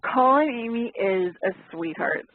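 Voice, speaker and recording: A young woman from Canada, a singer, being interviewed in a friendly, modest, halting way. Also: a little high, expressive, a little hiss or hum. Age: young adult. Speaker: singer and actor, interview guest. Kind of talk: casual chat. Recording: tinny phone line.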